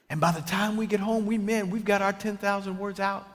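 A man preaching and telling a comic story about his marriage, animated and shouting his punchlines, acting out both sides of the conversation. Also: high-pitched, brisk, hardly any pauses. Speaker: pastor. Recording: large hall reverb with clear ambient noise.

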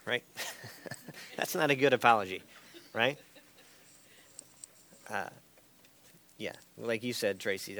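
Low-voiced man teaching a Bible class. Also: measured pace, vocal fry, a bit bright. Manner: tags points with "right?" and light chuckles.

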